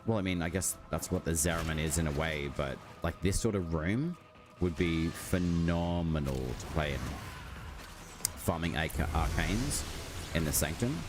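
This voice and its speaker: A man's voice: deep voice, normal speed, music in the background. A man streaming a game, chatting casually with his viewers and rambling with lots of "like" fillers. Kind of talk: casual live-stream chat while gaming. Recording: steady background noise.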